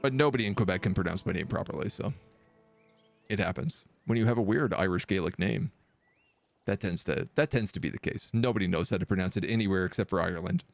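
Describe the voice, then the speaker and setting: A man's voice: low voice, fast, gravelly, dry recording, soft background music. A man giving casual, wry live commentary while he plays a strategy game, chatting and thinking aloud. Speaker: streamer playing a kingdom sim. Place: living in Quebec.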